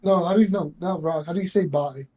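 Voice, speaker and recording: Playful male player, higher pitch. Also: fast, dark tone. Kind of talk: casual game chat. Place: online voice call.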